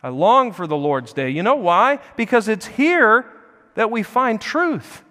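A man preaching a sermon, earnest, swelling louder and slower on key phrases. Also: high-pitched, animated, long reverb tail. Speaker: pastor. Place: church sanctuary.

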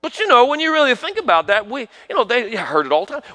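High, lively New preacher man. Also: quick pace. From New York. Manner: dramatic swings between hushed asides and loud proclamations; peppers talk with rhetorical questions to the congregation. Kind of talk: sermon.

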